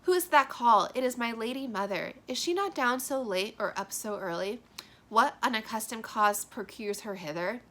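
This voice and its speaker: A lovesick young girl speaks in heightened, emphatic verse, read aloud by a woman. Her voice is bright and ringing, and she stresses each word with feeling. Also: fairly high pitch, expressive, moderate pace. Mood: guarded. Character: young lovesick girl, Juliet, anguished and passionate. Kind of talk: dramatic reading of a play.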